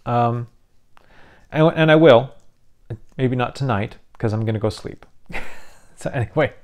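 A man's voice: mid-range voice, unhurried, darkish tone. Tired man rambling about game rules. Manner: rambling, frequent restarts and fillers. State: tired, yawning. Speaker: YouTube channel host. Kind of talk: casual rambling explanation.

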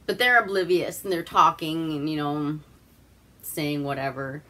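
A slow, unhurried woman from Alaska recaps an old film in loose, profane asides. Her voice sits low yet sounds bright and forward. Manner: profane, rambling and laughing. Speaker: host. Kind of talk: casual movie recap.

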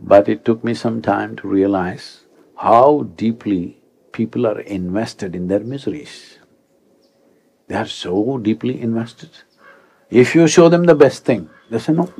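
A man in his sixties speaks as a spiritual teacher addressing a young crowd, and his voice sits a little low. He talks in an animated, rhetorical way, often turning to his listeners with quick prompts. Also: creaky, slightly rough. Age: 60s. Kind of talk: speech to a young audience.

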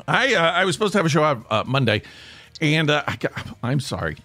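A man hosting a casual solo podcast, hoarse with his voice nearly gone, rambling and grumpy in a joking way. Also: fairly high pitch, big pitch swings, brisk, pushed and bright, no echo, soft background music. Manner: rambling, self-interrupting, grumpy humor. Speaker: podcast host. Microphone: podcast microphone.

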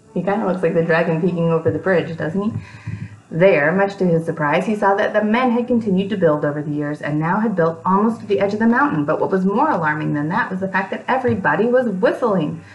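A woman's voice: mid-range voice, a little fast, roomy sound, muffled recording. A woman reading a picture book aloud to young children, breaking off for chatty asides to them.

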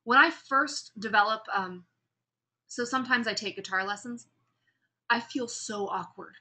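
Upbeat instructor, woman, bright and slightly high voice, chatty lecture with restarts. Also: a little slow. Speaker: public speaking instructor. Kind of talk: recorded class lecture.

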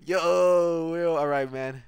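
A man's voice: a little high, fairly even intonation, takes it slowly, darkish tone, smooth, no room sound, clean studio sound. A man streaming a video game, commenting live with casual, profane trash-talk at other players.

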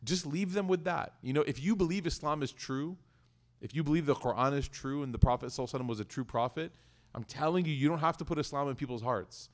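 A man's voice: medium pitch, quick pace. Joking, conversational man giving a religious talk. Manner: conversational and joking, with frequent restarts. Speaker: speaker at a community study circle. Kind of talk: casual religious talk with personal stories.

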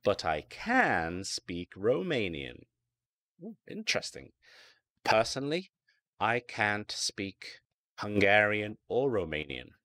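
A British man teaching an online English lesson, speaking slowly and enunciating carefully, repeating words so learners can drill them. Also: on the low side, a bit bright, no room sound. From Britain. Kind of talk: online ESL lecture.

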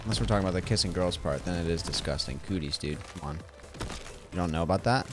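A man's voice: deep voice, fast talker, noisy background. A man streaming a game, joking and rambling to himself in casual gameplay commentary. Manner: joking, rambling, self-talking while playing. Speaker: gaming streamer. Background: game music.

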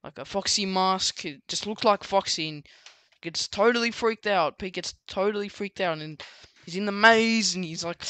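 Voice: medium pitch, moderate pace, few pauses, sharp tone, no echo. A book reviewer casually recapping a story, rambling with many fillers and restarts.

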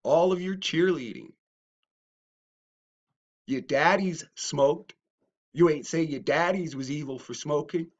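A man ranting at critics in a response video, mocking and swinging from low muttering to loud shouting. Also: slow, pauses often, muffled recording. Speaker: YouTuber. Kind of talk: confrontational response video rant.

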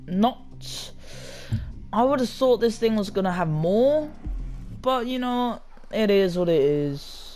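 Loud game music plays as a young gaming video creator comments on his gameplay from his chair at home. His high, animated voice takes things slowly, rambling casually with slang and remarks aimed at his viewers.

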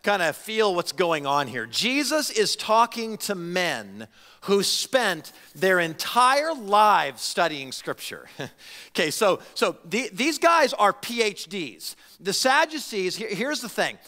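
A male pastor preaching a sermon to his congregation in an animated, conversational way, often restarting his phrases. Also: sits high, takes it slowly. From United States. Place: church sanctuary. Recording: long hall reverb.

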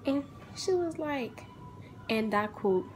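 Young adult woman, casual storytime vlog, animated, acts out each character. Faint noise. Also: high-pitched, takes it slowly, rough recording.

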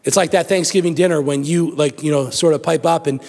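A male pastor preaching a sermon, animated and acting out the story in different voices. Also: fairly high pitch, brisk, in a large hall. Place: church sanctuary.

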